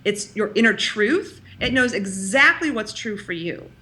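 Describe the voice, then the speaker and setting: A woman coach being interviewed, speaking emphatically and swinging her pitch up when she voices the thoughts she describes. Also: lively intonation, unhurried, bright, forceful tone. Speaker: coach, guest. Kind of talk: animated conversational interview.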